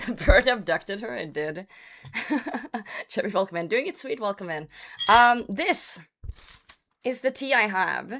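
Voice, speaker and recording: A woman streamer with a hoarse, worn voice from being under the weather. She chats loosely with her viewers, swears casually and reads their messages aloud. Her pitch sits in an ordinary middle range for a woman. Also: expressive, measured pace, pauses often, fairly bright tone. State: voice worn out from a cold. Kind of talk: casual livestream chat.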